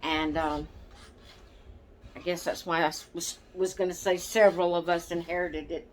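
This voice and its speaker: A woman's voice: fairly low pitch, steady tone, moderate pace, slight background noise. An older woman, chatting casually to her camera in a rambling way, laughing often and correcting herself. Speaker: vlogger.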